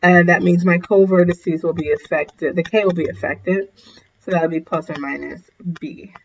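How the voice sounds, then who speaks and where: A woman's voice: lowish voice, fairly even intonation, normal speed, dull audio, a little hiss or hum. A woman math teacher talking through a recorded lesson in a casual way, tired and yawning, often correcting herself and saying sorry. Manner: casual, self-correcting, apologetic asides.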